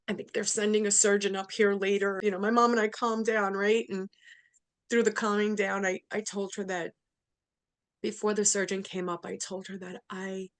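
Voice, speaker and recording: A middle-aged woman recounts her own hard story in an interview. She talks with deep feeling and slips into the voices of the people she quotes, at a pitch typical for a woman. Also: steady tone, normal speed. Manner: emotional, acts out quoted voices. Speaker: interview guest. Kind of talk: personal storytelling.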